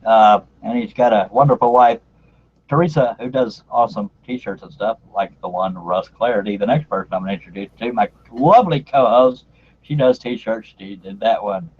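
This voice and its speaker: A low-voiced man hosts a casual live stream over a video call, joking and chuckling between introductions. The audio is dull and lo-fi, like a compressed online call. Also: normal speed, slightly rough. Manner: joking, laughing, chatty, uses "y'all". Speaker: host.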